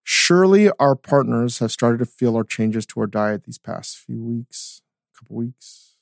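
Gravelly-voiced man in casual podcast chat. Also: medium pitch, animated, no room sound, clean studio sound. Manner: rambling, profane, reads ad plugs quickly. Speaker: podcast co-host.

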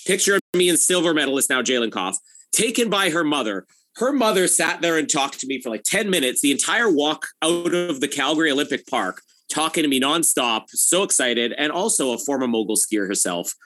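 A man's voice: on the high side, big pitch swings, a little fast, a bit bright. A man co-hosting a casual chat, teasing and laughing often. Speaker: co-host.

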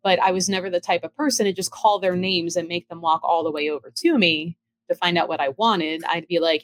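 A middle-aged woman with a fairly low voice talks through a spooky tale from her own house. She sounds chatty and animated and slips into the voices of the people she quotes. The recording is close and dry, with no room sound around her. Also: a little fast, no echo. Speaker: storyteller recounting ghost encounters. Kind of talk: casual storytelling.

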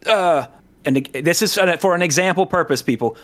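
A man's voice: a little high, a little fast, fairly bright tone. A man from the American South in casual podcast chat, rambling with many fillers, restarts and asides. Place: Southern California.

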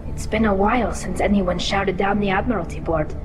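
An actress voicing a young female alien engineer in a video game, with a vaguely Slavic accent and a soft, dryly teasing way of talking. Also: medium pitch, fairly quick, close to an everyday voice, poor audio. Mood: grateful. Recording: game audio with music behind.

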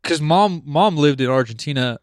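A man's voice: fairly high pitch, animated, normal speed, dry recording, studio quality. A young man from Portland hosting a podcast, talking casually and rambling with lots of swearing and laughs. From Portland, Oregon. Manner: profane, rambling, laughs often. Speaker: podcast host. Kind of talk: casual chat.

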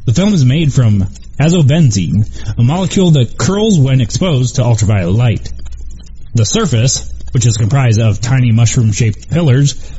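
A man's voice: medium pitch, animated, normal speed, warm tone, slight background noise. A man co-hosting a radio show, reading out news headlines steadily with small stumbles. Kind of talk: read-out news segment. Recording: dull lo-fi sound.

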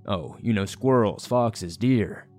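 A measured, probing small-town sheriff, as a male narrator puts him on in a horror story reading. His voice sits low, asking pointed questions in an even tone. Faint music plays beneath. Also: close to an everyday voice.

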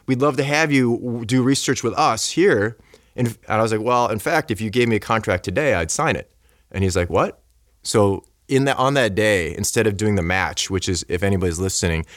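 A man with a fairly low voice tells a rambling personal story on a podcast. He slips into the voices of the people in it, with plenty of fillers along the way. The sound is dry and close, with no room echo. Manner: animated, acts out quoted dialogue; many fillers like "like" and "you know". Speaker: podcast guest. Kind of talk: casual storytelling chat.

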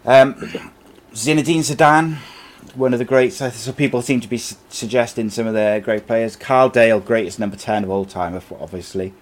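A man's voice: mid-range voice, fairly even intonation, moderate pace, slight background noise. A man hosting a podcast, chatting casually about football and reading out listener comments. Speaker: podcast host.

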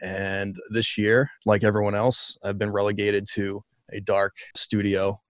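A man co-hosting a podcast from his home studio, measured and modest, with some hesitations. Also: on the low side, flat delivery, no room sound. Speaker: podcast co-host, musician and studio engineer. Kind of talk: casual chat.

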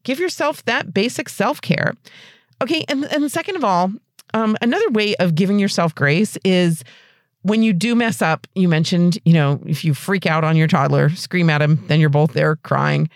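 A woman's voice: moderate pace, no echo. Earnest encouraging woman podcast host, dry close mic. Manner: warm, encouraging, earnest; lively pitch rises. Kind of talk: advice podcast, answering a listener question.

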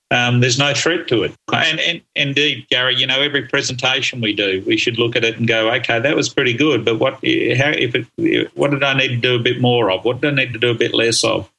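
Middle-aged aussie guy, bright sharp tone, chatty and eager, lots of ums. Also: mid-range voice, brisk, poor audio. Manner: enthusiastic, explanatory, frequent ums and restarts. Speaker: guest speaker on learning. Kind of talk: conversational interview answers.

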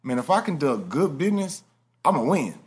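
A man, a guest on a podcast, telling stories in a relaxed, slangy way. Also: fairly high pitch, brisk, husky. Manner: laid-back storytelling with slang. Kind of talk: casual interview chat.

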